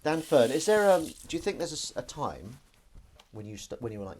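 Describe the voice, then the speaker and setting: A man's voice: medium pitch, fast, a little mellow, slight background noise. A young man from England, chatting casually on a live stream from his kitchen and joking as he reads out viewer comments. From northern England. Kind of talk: casual live stream chat while washing up. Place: home kitchen, indoors.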